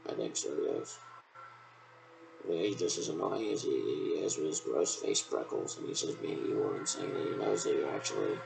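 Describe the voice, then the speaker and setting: A man's voice: a bass voice, very animated, moderate pace, vocal fry, music in the background, poor audio. A man in a rambling, repetitive monologue that loosely strings thoughts together, recorded on a laptop webcam.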